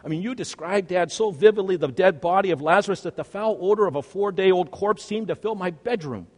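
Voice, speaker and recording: Earnest preacher in a reverberant hall. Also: male voice, high-pitched, brisk. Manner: earnest, swings between hushed and loud. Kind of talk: first-person dramatic monologue sermon.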